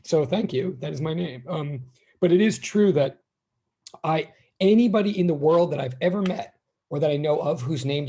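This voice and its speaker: A man's voice: medium pitch, creaky, dark tone, slightly rough. A man in his fifties, a physics teacher, chatting casually and rambling with his class as students join. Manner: rambling, chatty, self-deprecating.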